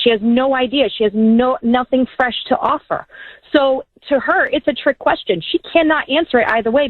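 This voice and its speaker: A woman's voice: high-pitched, dry recording. A woman calling in to a political talk radio show, speaking bluntly and indignantly. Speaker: caller. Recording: tinny phone line.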